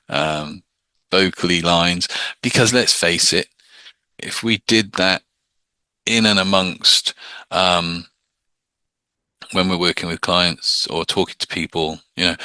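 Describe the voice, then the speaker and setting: Deep-voiced man teaching, dry and sharp. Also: steady tone, slow, pauses often, no echo. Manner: conversational, plain-spoken, slips into mock voices to demonstrate. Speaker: hypnosis teacher. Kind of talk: casual spoken lecture.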